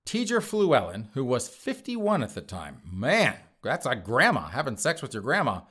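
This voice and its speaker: A man's voice: mid-range voice, wildly swooping pitch, moderate pace, fairly bright tone, breathy edge. A man hosting a podcast, reading news stories and mocking them with crude, sarcastic asides. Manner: crude, sarcastic, laughing at his own jokes. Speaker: podcast host.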